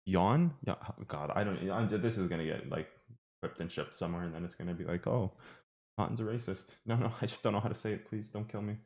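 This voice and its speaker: An Irish trading streamer talks fast in a low, slightly mellow voice. He gives chatty, rambling live commentary on his charts, poking fun at himself along the way.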